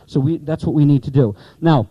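A man's voice: on the high side, fairly quick, husky, no room sound, muffled recording. A man teaching a class of pastors about Bible Greek, explaining with rhetorical questions and asides to the students.

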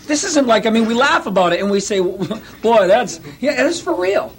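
A male pastor preaching a sermon, telling stories in an animated way and acting out quotes with laughs. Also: very high voice, normal speed, slight background noise.

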